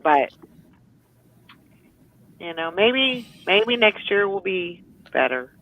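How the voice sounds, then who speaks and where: A co-host chatting on a morning show, hopeful and chatty, with lots of "you know" fillers. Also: female voice, mid-range voice, big pitch swings, takes it slowly, a bit bright, low-quality recording. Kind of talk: casual morning show chat.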